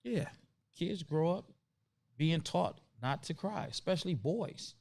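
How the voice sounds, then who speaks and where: A man's voice: a little high, expressive, measured pace, creaky, a little mellow, no room sound. A man hosting a casual conversation, talking earnestly and emphatically and often repeating his points to drive them home. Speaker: host.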